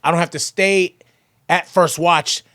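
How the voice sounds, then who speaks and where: A man speaking in a fairly high voice, recorded close and dry with no room sound. He tells his story in a lively, emphatic way, slipping into quoted voices and repeating lines for effect. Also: a little slow, no echo. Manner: acts out both sides of conversations in quoted voices. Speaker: podcast guest, percussionist and motivational entertainer. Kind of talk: animated storytelling conversation.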